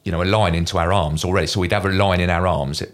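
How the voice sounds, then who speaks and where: A middle-aged Englishman with a low, deep voice tells stories from his Marine days at a brisk clip. He is animated and slips into other people's voices when he quotes them. He speaks as the guest in a casual interview. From Kent, England. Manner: animated anecdote teller, mimics voices in quoted lines. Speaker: guest, former Royal Marine.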